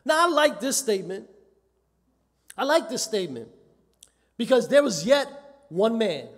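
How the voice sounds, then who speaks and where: Man preaching in church, really high voice, lots of reverb, repeats himself for emphasis. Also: sing-song, measured pace. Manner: emphatic, repeats phrases, acts out quoted voices. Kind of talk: sermon. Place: church sanctuary. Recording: church live stream with long reverb.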